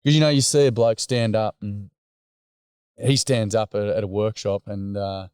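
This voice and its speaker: A man's voice: on the low side, steady tone, normal speed, a little mellow, smooth, dry recording, studio quality. An Australian man, a guest who leads men's groups, talking earnestly and plainly in a casual conversation, rambling with many fillers.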